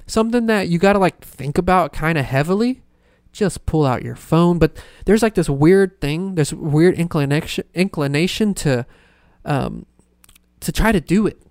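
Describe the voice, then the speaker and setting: A man's voice: on the high side, darkish tone, no room sound, clean studio sound. A young man hosting a solo podcast, rambling and self-deprecating with plenty of swearing. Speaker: podcast host. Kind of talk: casual solo podcast rant.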